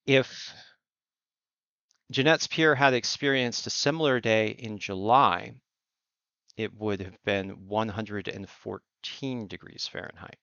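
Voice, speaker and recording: A man hosting a surf and climate report, speaking in earnest, emphatic commentary with deliberate phrasing. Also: on the low side, vocal fry, sharp tone, clean tone, no room sound. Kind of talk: impassioned spoken commentary. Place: Outer Banks coast. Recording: dull lo-fi recording.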